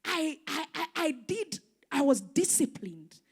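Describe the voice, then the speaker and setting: A young adult woman with a Kenyan accent, a pastor preaching and telling a personal story, swinging from loud to hushed. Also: high-pitched, big pitch swings, a little slow. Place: church hall.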